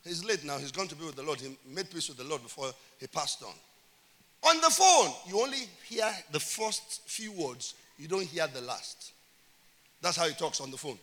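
High, bright-voiced pastor preaching. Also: male voice, expressive, normal speed. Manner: emphatic preaching with call-and-response. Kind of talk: sermon. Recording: reverberant church hall.

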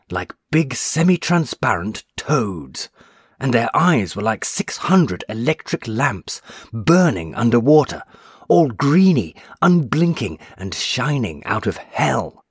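A man's voice: mid-range voice, sing-song, unhurried, slightly rough, no echo, clean studio sound, voice pushed up. A man reading aloud voices a frightened middle-aged businessman who talks in raised, breathless urgency. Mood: frightened, urgent.

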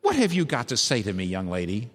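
A man's voice: fairly low pitch, huge pitch swings, quick pace. A man voicing an indignant, self-righteous older churchwoman who huffs and complains, in a room with long reverb. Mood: haughty. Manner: huffy, exclamatory, complaining.

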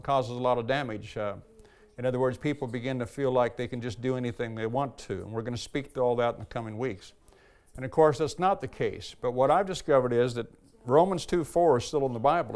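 A man preaching a sermon as pastor, earnest and emphatic, slowing down and lifting his voice to stress key lines. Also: mid-range voice. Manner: earnest, emphatic preaching, slows and lifts voice when reading aloud.

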